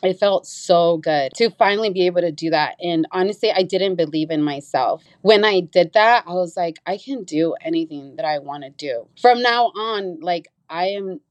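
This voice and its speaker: A woman's voice: normal speed, hardly any pauses, dry recording. A young woman telling a personal story in a casual, earnest way as an interview guest. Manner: animated, acts out quoted voices with big pitch jumps; earnest, reflective.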